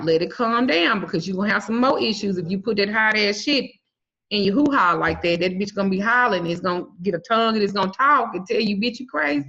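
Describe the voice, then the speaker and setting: A woman's voice: medium pitch, fairly bright tone. A woman teaching a casual online herb class in a blunt, bawdy, profane way. She jokes as she teaches and spells out herb names letter by letter. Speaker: herbal and spiritual teacher. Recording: muffled lo-fi sound.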